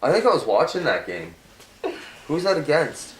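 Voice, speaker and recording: A man hosting a casual hockey chat, loud and excitable, swearing freely and laughing often. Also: fairly high pitch, normal speed. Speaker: host of a hockey show. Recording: echoey room.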